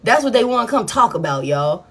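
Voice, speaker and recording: A woman, giving a collective tarot reading in a blunt, profane, animated way. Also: fairly high pitch, fairly quick, slightly rough. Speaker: tarot reader.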